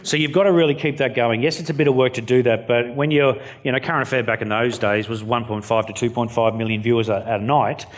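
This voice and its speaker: A man's voice: mid-range voice, fairly even intonation, fast, few pauses. Blunt joking Australian man giving a keynote. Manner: jokey, blunt, story-driven. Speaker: keynote speaker. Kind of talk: storytelling keynote speech.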